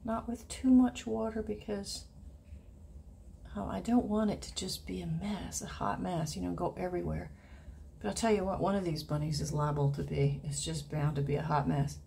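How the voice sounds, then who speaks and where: A woman giving a casual watercolor painting tutorial, chatting and thinking aloud, and often dropping into soft murmurs as she paints. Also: lowish voice, steady tone, normal speed, gravelly, slight background noise. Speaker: watercolor instructor.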